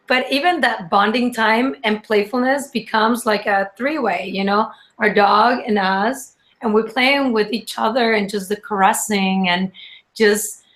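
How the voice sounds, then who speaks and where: A woman chatting on a podcast as a guest, rambling and halting, with many restarts and fillers. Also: fairly high pitch, fairly bright tone. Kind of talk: casual chat.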